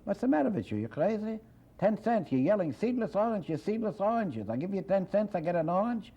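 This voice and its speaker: A man's voice: high voice, sing-song, brisk, husky, pitched above the performer's own voice, exaggerated voice. A man acting out an indignant male customer in a joke, complaining in an exasperated rush. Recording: dull lo-fi old TV recording.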